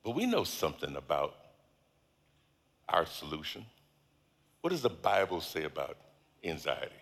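A middle-aged man preaching a sermon with a fairly low voice. He leads the crowd in call-and-response declarations and stretches key phrases for weight. His voice rings with the long reverb of a big church hall. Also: wildly swooping pitch, moderate pace, vocal fry, a bit bright. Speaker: guest speaker.

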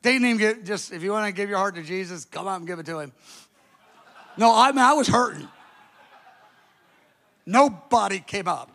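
A pastor in the middle of a sermon, a man with a fairly high, bright and forceful voice. He tells his story with lots of drama, swinging from loud bursts down to quiet asides and doing the voices of the people he meets. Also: animated, moderate pace, long pauses.

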